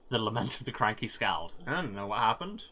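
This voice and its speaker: A man hosting a let's play, chatting casually with wry, quick asides. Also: lowish voice, big pitch swings, sharp tone. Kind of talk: casual gaming commentary.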